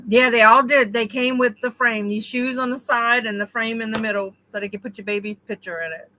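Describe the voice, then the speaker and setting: A woman co-hosting a casual chat between friends, telling animated stories and addressing listeners casually. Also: fairly high pitch, moderate pace, a little hiss or hum, low-quality recording. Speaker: co-host.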